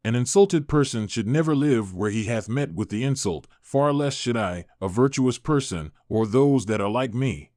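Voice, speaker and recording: A man voicing a proud, quick-tempered male ascetic sage in an audiobook, speaking in stern, archaic phrases. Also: medium pitch, animated, a little mellow, no room sound, studio quality, close to an everyday voice. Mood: angry. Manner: stern, formal archaic speech.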